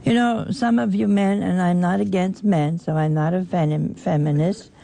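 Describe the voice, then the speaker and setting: A woman's voice: lowish voice, fairly even intonation, moderate pace, vocal fry, warm tone, slight background noise. A woman preaching a folksy sermon, teasing her listeners and acting out the people in a parable.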